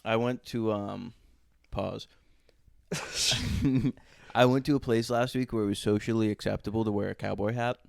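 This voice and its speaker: Male podcast co-host from Boston, gravelly and low, loose crude delivery. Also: steady tone, a little slow, long pauses, a little mellow, no room sound, studio quality. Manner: loose, crude, laid-back storyteller. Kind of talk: casual storytelling chat.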